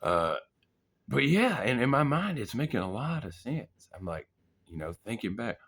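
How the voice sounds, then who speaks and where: Young male storyteller, gravelly, very lively pitch, laughs and swears, acts out his own lines. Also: moderate pace. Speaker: vlogger. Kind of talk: casual storytelling.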